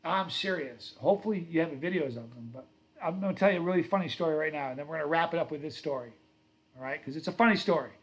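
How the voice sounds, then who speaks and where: Middle-aged male stream host, a bit higher-pitched, loose rambling storyteller who chats with viewers. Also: fast talker. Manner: rambling, reads viewer comments aloud; storytelling, self-correcting. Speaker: livestream host. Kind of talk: casual livestream chat.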